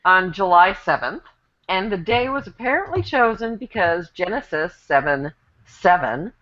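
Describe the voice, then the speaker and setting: A woman's voice: fairly low pitch, sing-song, unhurried, a bit bright. A woman presenting a topic on a panel show in a dry, sarcastic way. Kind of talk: casual panel chat. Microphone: video call. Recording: lo-fi online call audio.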